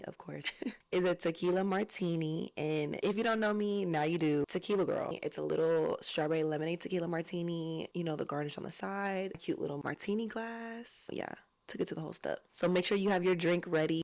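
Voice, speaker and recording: A woman's voice: deep voice, creaky, a little mellow. A young woman from Southwest Florida hosting her own podcast, chatting casually and playfully with plenty of slang and laughter. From Southwest Florida, USA. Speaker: podcast host. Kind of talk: casual chat.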